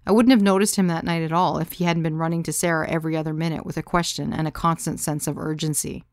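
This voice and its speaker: A woman's voice: low-pitched, steady tone, fast talker, no room sound, studio quality. A woman narrating her own story in the first person, in a wry, confiding way.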